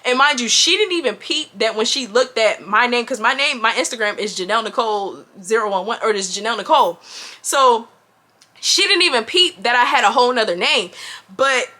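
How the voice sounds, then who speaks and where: A woman in her twenties telling a story to camera in a casual vlog. Her delivery is animated, slangy and expressive. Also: on the high side, brisk. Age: 20s. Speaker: vlogger.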